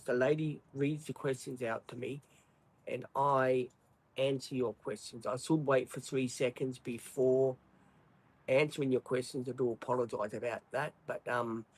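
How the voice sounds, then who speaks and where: A man's voice: medium pitch, husky, rough recording. An Australian man hosting a livestream, chatting casually, apologetic and rambling with many ums. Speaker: livestream host. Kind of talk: casual live-stream chat.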